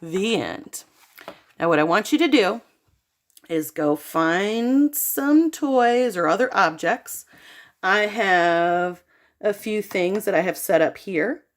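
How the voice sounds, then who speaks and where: Animated woman reading a children's book. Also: mid-range voice, takes it slowly. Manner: animated storyteller who addresses children directly. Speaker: art teacher. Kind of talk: children's read-aloud.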